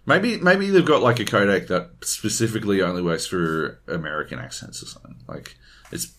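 A man talking on a casual gaming podcast, his pitch swinging widely as he tells stories. He swears freely and slips into quoted voices as he goes. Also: lively intonation, a little fast, a bit bright. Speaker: podcast co-host.

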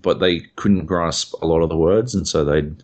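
A man's voice: low-pitched, moderate pace, darkish tone. A young Australian man, a podcast co-host, rambling through a casual chat and swearing freely.

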